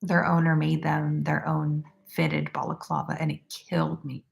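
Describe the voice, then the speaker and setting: A woman's voice: low voice, little pitch movement, moderate pace, creaky. A woman in her twenties chatting casually on a crochet livestream, reading out viewer comments and talking loosely with lots of "like". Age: 20s. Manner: chatty, uses "like" often, laughs easily.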